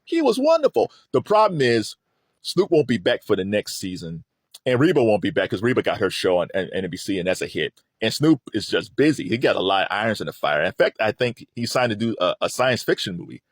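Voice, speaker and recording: A middle-aged man hosting a casual pop-culture commentary, animated and rambling, laughing often. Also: on the low side, fairly quick, dry recording, clean studio sound. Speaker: host.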